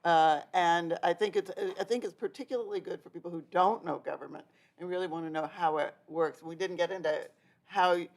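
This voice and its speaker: Older woman as interview host, lowish voice, chatty and informal storyteller. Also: fairly quick. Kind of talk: casual conversational interview.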